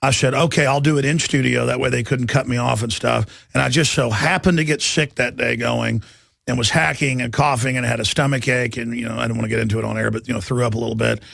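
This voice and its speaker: A man's voice: medium pitch, steady tone, quick pace, creaky, fairly bright tone, no echo, studio quality. A man hosting a talk show, ranting emphatically and repeating words as he builds his point. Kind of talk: heated talk radio chat.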